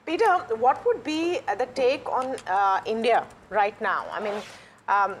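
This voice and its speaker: A woman's voice: on the high side, lively intonation, unhurried, a little hiss or hum. A woman anchoring a live business news show, asking a guest a thoughtful, qualified question.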